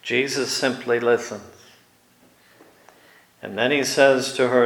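A man preaching a sermon, slow and deliberate, growing animated when he acts out the scene. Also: mid-range voice, reverberant, poor audio.

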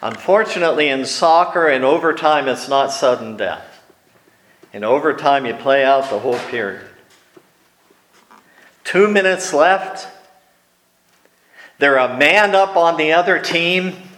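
A man with a fairly high voice preaches slowly and deliberately, telling wry stories and dropping into soft asides. His sermon rings around an echoey church hall. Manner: storytelling, wry, drops to quiet asides. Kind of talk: sermon with personal anecdotes. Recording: echoey room.

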